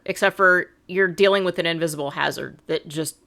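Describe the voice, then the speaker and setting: A woman's voice: fairly low pitch, a little fast, creaky, fairly bright tone. A middle-aged woman co-hosting a podcast, explaining events step by step with a sarcastic edge. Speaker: podcast co-host. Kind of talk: casual podcast chat.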